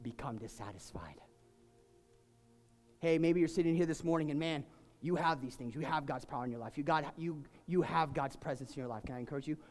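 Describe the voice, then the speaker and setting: High-voiced preacher man in a reverberant church. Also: fairly quick. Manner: swings from quiet intimate talk to shouted fervent climaxes. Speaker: pastor. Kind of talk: sermon. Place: church sanctuary. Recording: long hall reverb, faint music.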